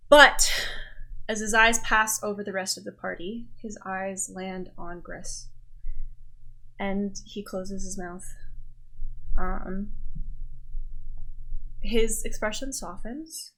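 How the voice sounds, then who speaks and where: Slow, deliberate woman game master. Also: mid-range voice, steady tone, bright, forceful tone, rough recording. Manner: slow, descriptive narration with fillers. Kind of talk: narrating a tabletop game.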